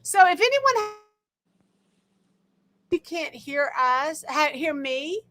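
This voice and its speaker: A middle-aged woman chats casually as host of a livestream. Her voice sits high and sounds bright and ringing. She talks loudly and fast, pushing through the audio trouble. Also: sing-song. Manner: loud, talking over audio trouble, chatty.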